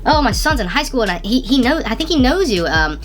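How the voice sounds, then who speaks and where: A man's voice: very high voice, very animated, fast talker, a bit bright, faint music behind, pitched above the performer's own voice, heavily acted. A man voicing a creepy, evasive older man who rambles and stammers through pushy excuses. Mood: wheedling.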